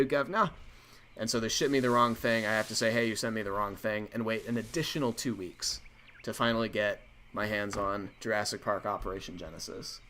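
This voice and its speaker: A man's voice: on the low side, slight background noise. A man hosting a livestream, telling a rambling story full of fillers. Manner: rambling, filler-heavy, animated anecdote. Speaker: stream host.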